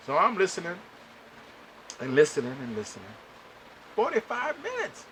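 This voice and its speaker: Animated, fed-up man telling a story. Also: medium pitch, moderate pace, pauses often, background noise. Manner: animated, exasperated, addresses listeners directly. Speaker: podcast host. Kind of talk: casual storytelling monologue.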